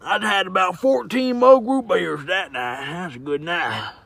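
High gravelly man hollering rambles. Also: a bit bright. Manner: rambling, hollering, drawn-out words, lots of fillers. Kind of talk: absurd rambling comedy monologue.

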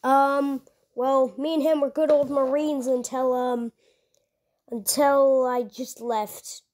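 A woman's voice: high-pitched, level tone, slow, a little mellow. A woman voicing a laid-back male restaurant manager who talks casually and rambles with fillers.

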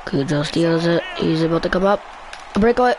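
High-voiced man trash-talking a video game. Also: a little fast, a little hiss or hum. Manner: animated, trash-talks the players on screen. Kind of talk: excited gameplay commentary.

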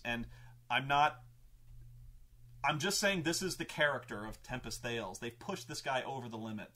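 A man hosting a show, animated and profane, telling a story about running a tabletop game and laughing often. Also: medium pitch, normal speed. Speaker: show host recounting his game mastering. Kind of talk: casual storytelling.

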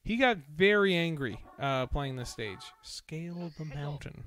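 A man playing a video game and commenting as he goes, swearing and blowing up in frustration, then talking himself back down into calm. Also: a little high, measured pace, a little hiss or hum. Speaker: let's play host. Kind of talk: gameplay commentary. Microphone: desk microphone.

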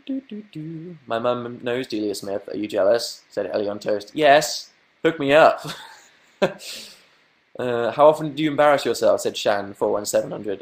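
A young man with a southern English accent, chatting playfully through viewer questions on a livestream from his room. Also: mid-range voice. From southern England. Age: young adult. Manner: playful, self-mocking, bursts into silly sing-song noises. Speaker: livestream host. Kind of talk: casual livestream chat answering viewer questions.

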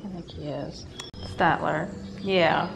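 A woman vlogger in a cat café, cooing at the cats in soft pet talk that often drops to a whisper. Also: low-pitched, steady tone, takes it slowly, vocal fry, noisy background. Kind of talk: casual talk to pets.

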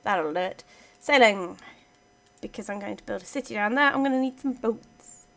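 A woman's voice: medium pitch, moderate pace, creaky, a bit bright. A woman giving casual let's-play commentary, chatting playfully to her game units as she plays. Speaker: gaming channel host.

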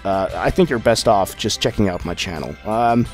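A man's voice: on the low side, moderate pace, soft background music. A man giving casual gameplay commentary as a let's-play host, rambling and joking with lots of filler hesitations.

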